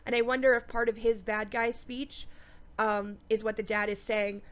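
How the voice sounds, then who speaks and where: A woman's voice: a little high, moderate pace. Chatty stuffy-nosed woman reviewer, lo-fi. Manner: chatty and animated, many ums. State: stuffy nose, sniffing. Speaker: TV show reviewer. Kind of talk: casual episode review vlog.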